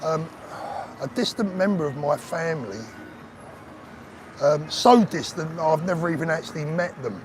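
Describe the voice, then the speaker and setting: A middle-aged British man hosts a casual livestream while walking the streets of a resort, talking into a phone on a selfie pole. His voice is on the high side with lively intonation and a moderate pace, and there's slight background noise. He chats, jokes, and reads out viewer comments.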